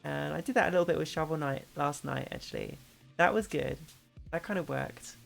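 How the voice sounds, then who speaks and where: A woman's voice: sits low, brisk, gravelly, soft background music. A woman streaming and chatting casually with viewers, rambling with lots of fillers and restarts. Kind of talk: casual chat with chat readers. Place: home streaming setup.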